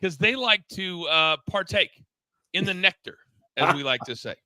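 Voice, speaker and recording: Bright, animated middle-aged man storyteller. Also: high voice, normal speed, dry recording, rough recording. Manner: animated storyteller, stammers and repeats words. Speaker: podcast co-host, former wrestling coach. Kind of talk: casual wrestling talk-show chat.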